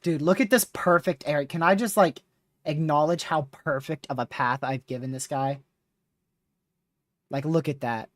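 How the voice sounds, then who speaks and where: A woman giving lively live-stream commentary while guiding a storm chaser, often laughing and talking to her chat. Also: sits low, normal speed, dry recording, studio quality.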